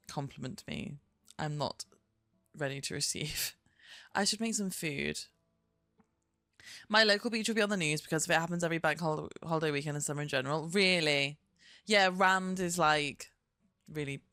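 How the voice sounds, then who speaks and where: A woman's voice: fairly low pitch, a bit bright, clean tone, no echo. A young woman, chatting casually and expressively on a live stream, swearing and laughing often. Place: at her desk at home.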